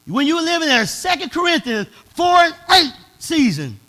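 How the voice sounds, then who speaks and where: High-voiced pastor man preaching, aave, gets shouty, real bright tone. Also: very animated, normal speed. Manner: preaching in a dialect, swelling to shouts. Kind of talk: sermon.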